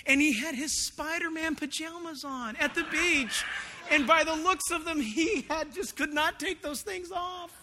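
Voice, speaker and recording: High-voiced man preaching in a reverberant hall. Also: measured pace, noisy background. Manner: conversational, animated storytelling asides. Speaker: pastor. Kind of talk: expository sermon. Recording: long reverb of a large hall.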